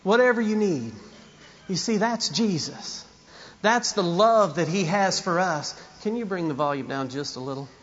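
A man's voice: high-pitched, normal speed, a bit bright, dull audio. A man preaching a sermon, emphatic and repetitive, with asides to the congregation. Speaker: pastor.

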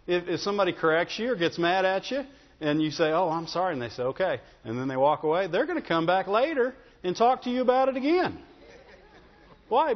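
Pastor, male, easygoing sermon delivery with a lively voice, recorded with a muffled sound in a church with long reverb. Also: sits high. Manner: conversational, repeats "Amen?" and "Right?". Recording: dull, with long hall reverb.

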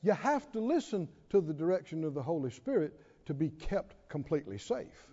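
A man preaching a sermon, retelling a story dramatically with laughs and shouted exhortations. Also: fairly high pitch, big pitch swings, moderate pace. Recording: dull sound with long hall reverb.

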